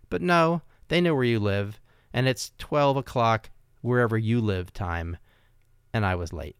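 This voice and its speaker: Wry, rambling podcast host, smooth voice. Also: male voice, normal speed, no room sound, studio quality. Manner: self-mocking, rambling sales pitch. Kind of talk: casual podcast monologue and chat.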